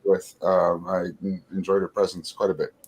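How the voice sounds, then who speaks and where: Low-voiced, easygoing man chatting. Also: little pitch movement, normal speed, a little mellow, breathy edge. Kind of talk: casual live-stream chat.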